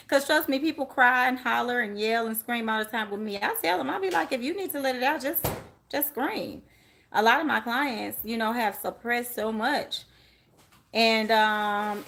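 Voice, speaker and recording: A chatty woman runs a live tarot reading and talks to her viewers by name. Her voice sits a little high, and she laughs easily as she rambles between cards. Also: a bit bright, slight background noise. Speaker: tarot reader.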